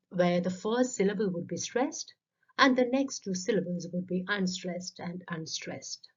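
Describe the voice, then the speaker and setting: A woman's voice: mid-range voice, a little mellow, slightly rough. A woman giving a methodical lecture on literature, explaining terms step by step as a voice-over. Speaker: literature teacher. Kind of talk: scripted lecture narration. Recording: dull lo-fi voice-over.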